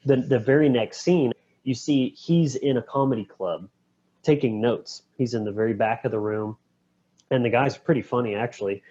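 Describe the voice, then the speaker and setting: A man co-hosting a podcast, retelling film scenes in an animated way with quick voice impressions. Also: mid-range voice, slightly rough. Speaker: podcast co-host. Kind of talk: casual film discussion. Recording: dull, lo-fi podcast audio.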